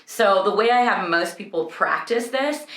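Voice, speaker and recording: A young woman vocal coach teaching a singing lesson, explaining clearly and breaking into sung vowel demonstrations. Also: mid-range voice, lively intonation, normal speed, fairly bright tone, echoey room.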